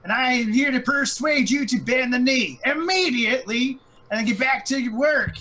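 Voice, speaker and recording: A man voicing his character speaking in goblin, loudly proclaiming a new king and ordering others back to work. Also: very high voice, moderate pace, pitched above the performer's own voice. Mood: boastful. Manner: brash, drawling, bossy. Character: male character boasting loudly in goblin tongue.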